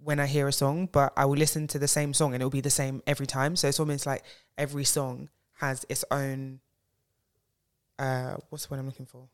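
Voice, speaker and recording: A woman's voice: a bass voice, level tone, brisk. A woman co-hosting a casual podcast chat, groping for words and saying "like" a lot. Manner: searching for words, many "like" fillers. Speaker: podcast co-host.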